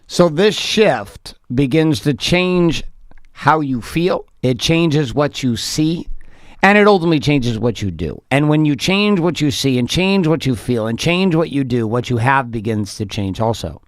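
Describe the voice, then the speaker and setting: A man's voice: medium pitch, lively intonation, a little slow, no echo, clean studio sound. A man hosting a business podcast, speaking in emphatic, repetitive motivational phrases. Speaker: podcast host.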